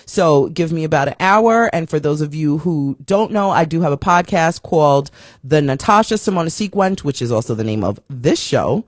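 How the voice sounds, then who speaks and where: A woman's voice: low voice, moderate pace, no echo. Upbeat woman host chatting on a live stream, reading out comments, dry close sound. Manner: chatty, reads viewer comments aloud; upbeat, lively greetings. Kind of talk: casual live-stream chat.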